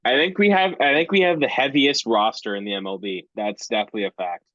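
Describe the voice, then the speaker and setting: A young man co-hosts a sports podcast in a mid-pitched voice. He mostly chimes in with short agreements and laughs. His mic sounds dull and dry. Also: steady tone, fast talker, fairly bright tone, no echo. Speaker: podcast co-host. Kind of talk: casual sports chat.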